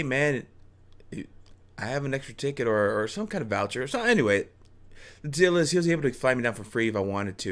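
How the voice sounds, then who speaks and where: A man casually telling a personal story, rambling with restarts and chuckles. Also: on the low side.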